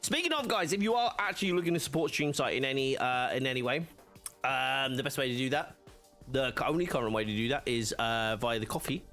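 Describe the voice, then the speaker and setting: A man's voice: mid-range voice, fairly quick, a bit bright, faint music behind. A man hosting a livestream, chatting casually with viewers and telling rambling stories full of fillers and laughs. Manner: rambling storytelling, laughs often, many fillers. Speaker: livestream host. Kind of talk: casual chat reading live chat.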